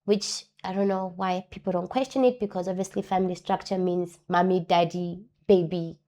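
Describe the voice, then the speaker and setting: A woman giving personal testimony as an interview guest. She talks earnestly, repeats key phrases for emphasis and acts out other people's words in lively voices. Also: on the low side, normal speed.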